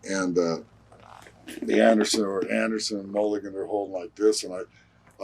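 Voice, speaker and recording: A man with a very deep, husky voice tells a ringside story in a casual interview. His delivery is blunt and peppered with swearing, and his voice has a rough, breathy edge throughout. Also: steady tone, moderate pace, a little mellow. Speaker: pro wrestler.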